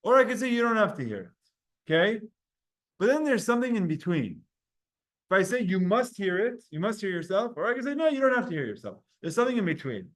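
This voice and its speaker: A man teaching a Talmud class online, energetic and quick, putting questions to his students. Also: high-pitched.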